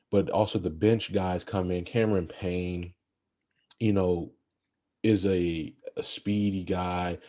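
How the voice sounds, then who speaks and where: A young man co-hosting a podcast, chatting about basketball in a casual, animated, rambling way. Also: sits low. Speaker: podcast co-host. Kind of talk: casual sports chat.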